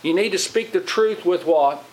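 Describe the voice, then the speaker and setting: A man's voice: sits high, moderate pace, darkish tone, rough recording. A man preaching in a church as pastor, plain-spoken and conversational, often putting questions to the congregation. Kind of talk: sermon.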